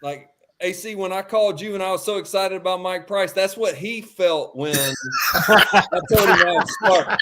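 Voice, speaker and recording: A man telling a lively story as a podcast guest, acting out quotes and laughing often. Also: sits high, normal speed, background noise. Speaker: podcast guest, former quarterback. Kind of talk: animated storytelling.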